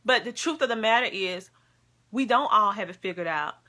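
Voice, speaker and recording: A woman's voice: mid-range voice, animated, moderate pace, bright, forceful tone. A woman talking casually to camera as a wellness coach, earnest and heartfelt. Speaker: wellness coach and homeschooling vlogger.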